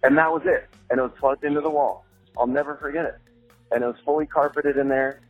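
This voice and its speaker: A young man telling a casual anecdote, animated, laughing often and swearing casually, with many "like" fillers. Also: medium pitch, quick pace, no room sound. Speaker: storyteller. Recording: phone-like line with faint music.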